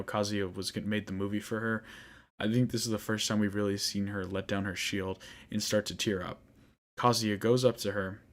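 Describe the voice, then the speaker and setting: A young man talks through an anime's finale in a loose, rambling way, restarting his sentences and getting frustrated. His voice sits on the low side. It has the casual feel of a podcast host's solo episode. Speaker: podcast host. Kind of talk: casual anime recap monologue.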